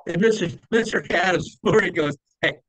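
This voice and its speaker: This medium-pitched man spins old stories unhurriedly as an interview guest, full of fillers and impressions of the people he quotes. The recording is dry and the audio poor.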